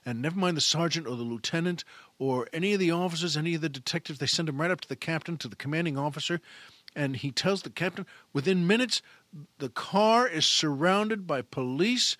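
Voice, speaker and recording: A man's voice: on the high side, a bit bright, no room sound. A man hosting a show, telling a joke in a chatty, folksy, self-amused way. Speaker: radio host. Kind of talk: casual storytelling monologue.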